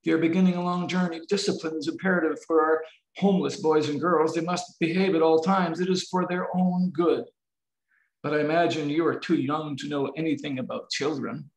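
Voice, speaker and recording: Man doing stern woman overseer, calm, condescending, gravelly, roomy audio. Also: on the high side, lightly acted. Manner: calm, measured.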